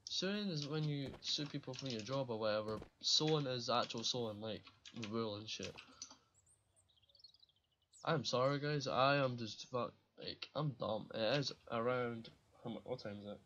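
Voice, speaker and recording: A man's voice: mid-range voice, normal speed, a bit bright, muffled recording, a little hiss or hum. A man giving casual commentary while playing a survival game, rambling and swearing freely and laughing at his own slips. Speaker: gaming channel host.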